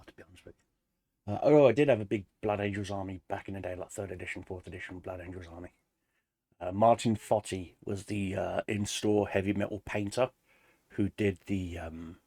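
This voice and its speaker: A man chatting casually through a life update for his gaming channel, rambling and relaxed, pausing to snack. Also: fairly low pitch, no echo. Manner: rambling, relaxed, eating snacks while talking. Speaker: gaming YouTuber.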